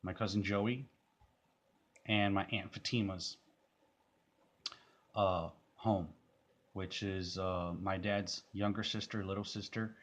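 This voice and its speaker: A man's voice: deep voice, steady tone, takes it slowly, pauses often. A man giving casual, rambling commentary on a music video, full of fillers and restarts.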